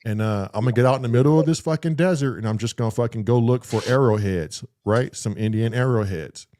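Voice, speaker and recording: A man with a medium-pitched voice talks fast as he tells a long story in casual chat on a podcast he co-hosts. It's profane, animated storytelling, with him acting out his own reactions as quotes.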